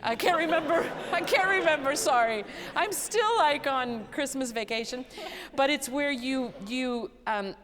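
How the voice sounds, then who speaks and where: A woman teaching a vocal master class, animated and playful, who often sings short phrases to show what she means. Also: high voice, a little slow, hardly any pauses, crowd noise. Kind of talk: coaching a singer in a master class. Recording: hall reverb, live concert hall.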